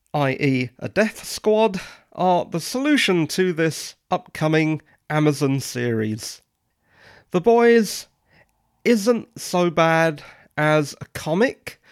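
A man's voice: fairly high pitch, dry recording, clean studio sound. A man hosting a solo podcast, giving opinionated, wry and dryly sarcastic commentary. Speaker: podcast host.

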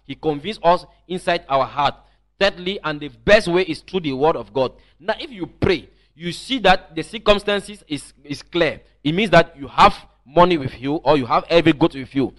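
Man, preacher, sermon, emphatic, repeats phrases, somewhat high voice. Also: normal speed, a bit bright. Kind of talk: sermon teaching online.

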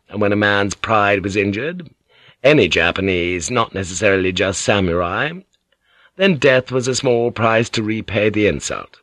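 A man narrating an audiobook novel in a measured, even storytelling manner. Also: lowish voice, no room sound, clean studio sound. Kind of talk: scripted narration.

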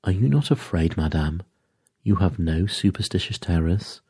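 A man's voice: deep voice, animated, normal speed, a little mellow, slightly rough, no echo, studio quality, full character voice. A man voicing a fussy, courteous little male detective who drops French phrases and speaks dryly. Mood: mocking.

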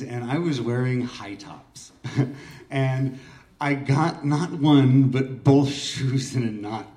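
A man's voice: mid-range voice, a little mellow, recorded from a distance. Open mic host in his forties, rambling self-deprecating storyteller, echoey room, heard from across the room. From Oregon, US. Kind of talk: casual personal storytelling. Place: small art gallery room.

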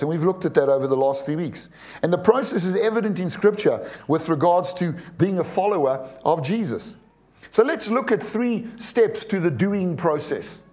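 High-voiced preacher. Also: male voice, darkish tone. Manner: emphatic, repeats words, asks the congregation questions. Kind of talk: sermon.

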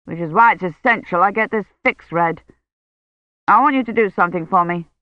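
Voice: medium pitch, brisk, no echo, lightly acted. A reader voicing an older male academic who presses urgently for help. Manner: urgent, persuasive. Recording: dull lo-fi sound.

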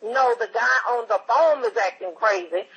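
A woman on the phone in a heated argument, loud and trading insults back with the caller. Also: fairly high pitch, normal speed, husky. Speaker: prank call target. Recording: noisy phone line.

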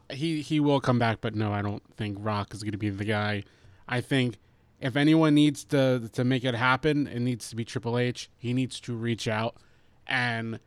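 Hesitant man with a smooth voice. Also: mid-range voice, dry recording. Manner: hesitant, searches for words. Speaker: podcast co-host. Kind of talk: casual wrestling chat.

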